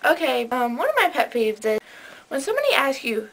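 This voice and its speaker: A woman's voice: high voice, sing-song, a little fast, rough recording. A teenage girl complaining to camera, acting out both sides of the conversations she describes. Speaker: vlogger. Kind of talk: casual rant to camera.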